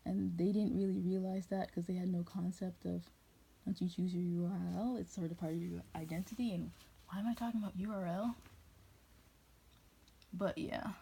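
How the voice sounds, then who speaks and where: A woman's voice: fairly low pitch, steady tone, moderate pace, gravelly, warm tone, breathy edge. A woman from New England rambling through a casual vlog monologue, jumping from tangent to tangent and cutting herself off mid-thought. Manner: rambling, tangential, self-interrupting. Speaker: vlogger.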